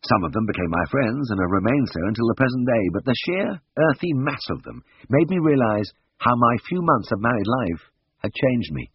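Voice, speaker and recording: A man reading his memoir aloud as an audiobook, wry and expressive, with the dialogue voiced. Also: mid-range voice, fairly quick, slightly rough, no room sound. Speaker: narrator. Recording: dull lo-fi dry recording.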